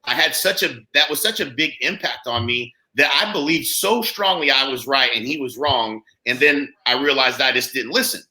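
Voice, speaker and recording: A man's voice: mid-range voice, reverberant, poor audio. A man from Oklahoma, a real estate coach, telling casual anecdotes as an interview guest and peppering them with "like" and "right?". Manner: fast, animated anecdotes with frequent "like" and "right?".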